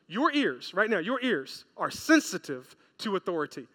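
A high, bright male voice delivers a lively sermon full of acted-out anecdotes. It rings through a big hall with a long reverb trail. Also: moderate pace, hardly any pauses. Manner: storytelling, animated, acts out quotes. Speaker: pastor.

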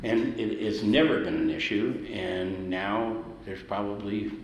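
A man's voice: lowish voice, fairly even intonation, measured pace. A middle-aged man from the Valley in Los Angeles, a musician telling stories casually in an interview and acting out the voices he quotes. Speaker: musician, guest. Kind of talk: storytelling interview. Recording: roomy hall, ambient noise.

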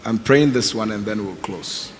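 A man's voice: fairly low pitch, normal speed. Exhorting male preacher in an echoey hall. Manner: exhorting, repeats short commands, quizzes the congregation. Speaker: pastor. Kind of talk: sermon calling for offerings. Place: church. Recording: echoey hall with faint noise.

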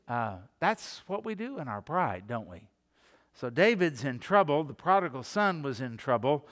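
A man's voice: a little high, normal speed. Man preaching a sermon in a reverberant hall. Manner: animated storytelling, acting out quoted voices. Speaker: pastor.

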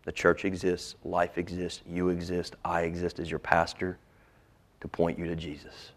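A male pastor preaching a sermon, swinging from loud emphasis to hushed, whispered lines. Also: sits low, completely flat delivery, normal speed.

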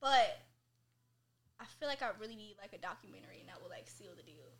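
A woman's voice: medium pitch, lively intonation, fast, vocal fry, a little hiss or hum. A young adult woman talking as a podcast guest in casual chat, loose and profane, leaning heavily on filler words.

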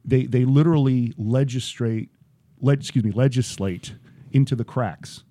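Male podcast guest, measured and lecturing, dark mellow tone. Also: medium pitch, no echo. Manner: measured, lecturing, lays out arguments step by step. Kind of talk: casual political chat.

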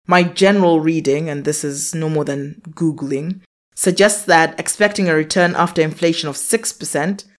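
A woman in her thirties hosting a finance podcast, talking through calculations step by step in an upbeat, explanatory way. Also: fairly low pitch. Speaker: podcast host. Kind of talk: scripted finance podcast monologue.

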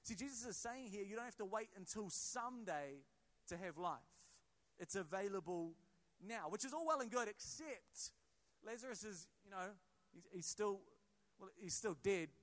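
A man preaching a sermon in a church in a relaxed, conversational way, often restarting phrases and joking with the congregation. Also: sits high, normal speed. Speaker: pastor.

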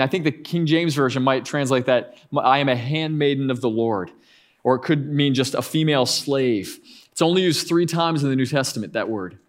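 A man in his thirties, a pastor preaching a conversational sermon with frequent asides and restarts. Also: medium pitch.

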